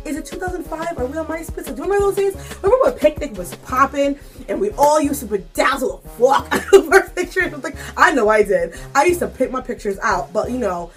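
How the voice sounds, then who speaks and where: Sassy young woman telling a story. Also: on the high side. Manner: sassy, animated storytelling with mock outrage. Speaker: vlogger. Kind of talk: casual story time.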